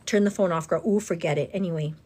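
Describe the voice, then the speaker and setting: A woman's voice: fairly low pitch, fast talker, darkish tone. A woman vlogger telling a long story in casual get-ready-with-me chat. She rambles, keeps calling the listener "girl" and slips in the odd Spanish phrase. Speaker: vlogger and host.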